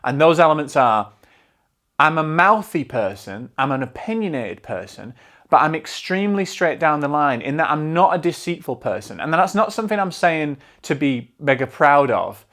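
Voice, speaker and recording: A man hosting a solo film podcast, talking in an energetic, rambling way and swearing freely. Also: a little high, moderate pace. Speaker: podcast host.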